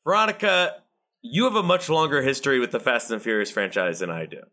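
A man's voice: medium pitch, animated, fairly quick, bright, forceful tone. A man co-hosting a casual movie-review podcast, joking around and stumbling through frequent filler restarts. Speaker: podcast co-host.

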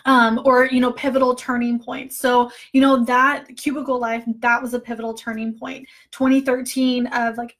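Woman, online coach, casual training talk; chatty, emotional, fillers throughout, voice a touch high. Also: level tone, moderate pace, a bit bright.

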